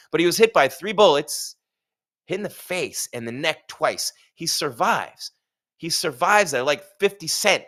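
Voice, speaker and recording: Guy chatting on a live fight stream, tossing in jokes and asides, normal pitch. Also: fairly bright tone. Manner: chatty, joking asides, rhetorical questions; reads sponsor ad. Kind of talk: casual live commentary.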